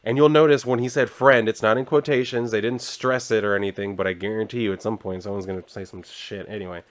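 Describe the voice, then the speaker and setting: A man's voice: on the low side, steady tone, fast. A man casually recapping a comic book, chatty and sarcastic, swearing now and then.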